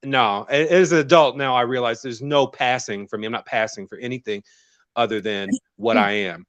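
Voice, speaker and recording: With a medium-pitched voice at normal speed, this Southern American guest eases through his stories in casual conversation, breaking into laughter again and again. The recording is dry.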